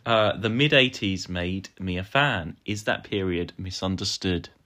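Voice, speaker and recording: Low-voiced man reading questions. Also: a little slow. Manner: steady, reads out questions, laughs along. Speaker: podcast host. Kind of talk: casual podcast chat.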